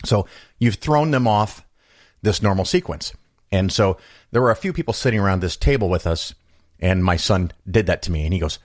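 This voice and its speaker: Low-voiced chatty podcast host, dry. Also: male voice, brisk, dry recording. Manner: chatty storyteller, acts out quoted voices. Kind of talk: casual solo monologue.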